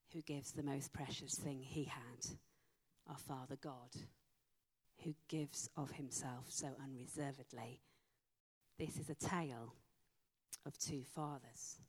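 A woman preaching a sermon, slow and emphatic with dramatic pauses. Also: deep voice, a little mellow, slightly rough. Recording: long hall reverb.

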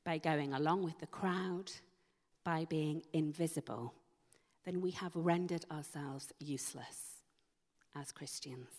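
A woman delivers a sermon in a low voice, speaking unhurriedly. She leans on emphatic rhetorical questions. Her words ring out with the long echo of a church hall. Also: darkish tone. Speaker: preacher.

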